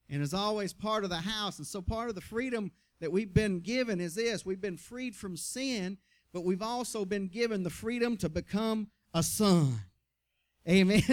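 A man with a notably high voice delivers a sermon. He reads scripture aloud and then explains it in casual, folksy language. He keeps dropping amens to the congregation between thoughts. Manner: colloquial, folksy asides between readings. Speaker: pastor.

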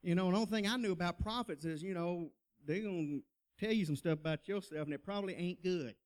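A middle-aged man with a high-pitched voice moves at a quick pace through his personal testimony. His sermon-style delivery is folksy, punctuated by frequent laughs and shout-outs to the crowd.

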